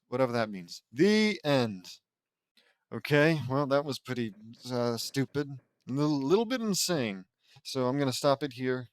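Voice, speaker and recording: A man's voice: medium pitch, animated, unhurried, clean tone, dry recording. A man reading his own fan fiction aloud in a casual way, stumbling and slipping in wry asides. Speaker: reader.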